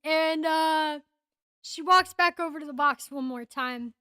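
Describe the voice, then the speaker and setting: A woman's voice: high-pitched, a little slow, bright, forceful tone. A woman narrating a tabletop game as game master, casual and rambling with fillers.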